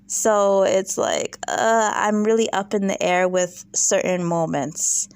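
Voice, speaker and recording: A woman's voice: mid-range voice, slow pace, a little mellow, clean tone, no echo. A woman hosting a casual reality TV recap, opinionated and sarcastic. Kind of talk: casual commentary vlog.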